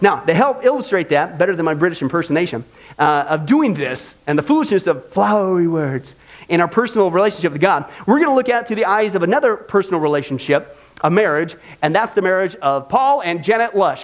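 A male pastor preaching a sermon in an animated, folksy way, often asking the congregation for agreement. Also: high-pitched.

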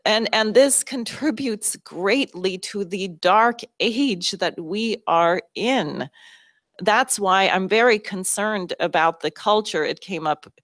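A woman's voice: medium pitch, slow, fairly bright tone, clean studio sound. A woman speaking at a town hall, intense and driven, thinking aloud with frequent restarts. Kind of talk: public talk to an audience.

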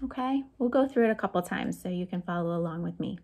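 A woman's voice: lively intonation, fast talker, darkish tone. Woman reading storytime to children. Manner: playful, chats with young listeners; voices sound effects with big pitch jumps. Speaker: children's librarian. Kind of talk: children's storytime read-aloud.

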